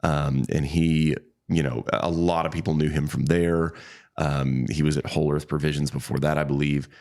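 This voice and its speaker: A man's voice: level tone, moderate pace, darkish tone. A man, a fly shop owner telling stories as a podcast guest in a rambling, easygoing way. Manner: rambling, many restarts, quotes people with pitch jumps. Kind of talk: casual interview storytelling.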